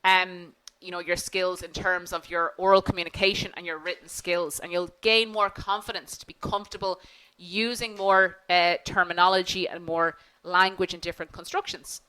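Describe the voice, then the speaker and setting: A woman's voice: lowish voice, little pitch movement, moderate pace, bright, forceful tone, clear, resonant tone, rough recording. A woman teaching an online business English class, polite and encouraging, acting out example phone phrases.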